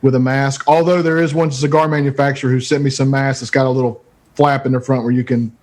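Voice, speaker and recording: A man's voice: medium pitch, level tone, fast, darkish tone. A man guest on a podcast, speaking in an easygoing, matter-of-fact way about his trade. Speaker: guest, cigar retailer. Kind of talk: casual chat.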